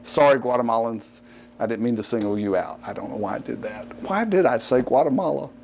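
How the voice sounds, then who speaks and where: A man's voice: medium pitch, a little fast, vocal fry, darkish tone, a little hiss or hum. A middle-aged man with a Southern accent hosting a fitness TV show, talking casually, rambling and cutting himself off with joking asides. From US Gulf Coast. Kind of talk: casual unscripted TV talk.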